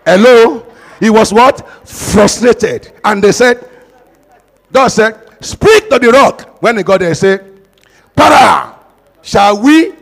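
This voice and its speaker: A man with a Nigerian accent, a pastor who preaches with stories and then leads loud, fast prayer. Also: high voice, big-room sound. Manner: tells a story, then prays loudly and fast in bursts. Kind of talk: sermon with storytelling and loud prayer.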